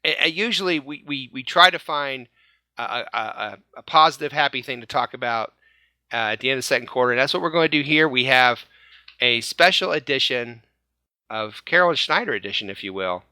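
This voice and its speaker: A man's voice: mid-range voice, animated, a little fast, bright, forceful tone, no echo. A man hosting a casual fan-show podcast, upbeat, laughing often and stumbling over repeated words. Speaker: podcast host.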